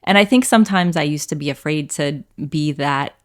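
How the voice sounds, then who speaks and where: A reflective woman co-hosting a faith podcast, with a notably low voice. She speaks earnestly and warmly affirms the others. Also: moderate pace. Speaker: podcast co-host. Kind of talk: casual faith discussion.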